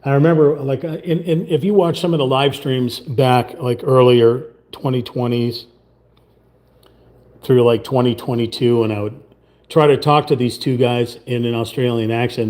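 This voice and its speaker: Rambling man with a dark voice. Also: medium pitch, steady tone, normal speed. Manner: rambling, chatty, trails off into muttering. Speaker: livestream host. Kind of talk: casual chat while painting. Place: at a table, painting.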